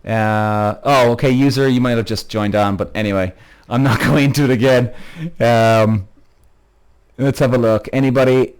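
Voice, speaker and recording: A man's voice: mid-range voice, fairly even intonation, moderate pace, clean tone. A man hosting a podcast live-streamed to an online audience. He reads out viewers' comments, greets them by name, rambles and swears freely as he gets heated. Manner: chatty, addresses viewers by name. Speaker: podcast host.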